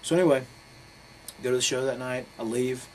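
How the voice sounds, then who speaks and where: A man's voice: mid-range voice, fairly even intonation, brisk, a little mellow, slight background noise, low-quality recording. A man, talking bluntly and profanely as he tells a heated personal story in a candid interview. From North Carolina. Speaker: interviewee, professional wrestler.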